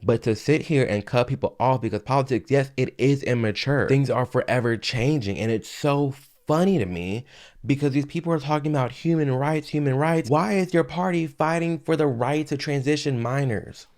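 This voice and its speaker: A commentary vlogger on his own channel argues heatedly and fires off rhetorical questions while reacting to clips. His mid-range voice is a little mellow and moves at a normal speed.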